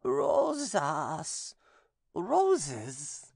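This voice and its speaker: A possessed nun's halting falsetto. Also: male voice, huge pitch swings, gravelly, a little mellow, husky, no echo, clean studio sound, heavily acted. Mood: halting, eerie. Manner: slow, halting, drawn-out answers. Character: possessed nun, demon answering through her.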